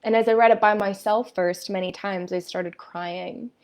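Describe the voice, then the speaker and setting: A woman's voice: medium pitch, steady tone, moderate pace, darkish tone. A woman in her thirties, a spiritual coach talking on a live stream in a candid, fiery way.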